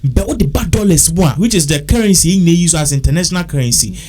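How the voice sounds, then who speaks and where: A man's voice: a little high, animated, fast talker, a little mellow, slight background noise. A man with a Ghanaian accent, talking casually and repetitively, working through figures aloud. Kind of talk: casual talk mixing English and Twi.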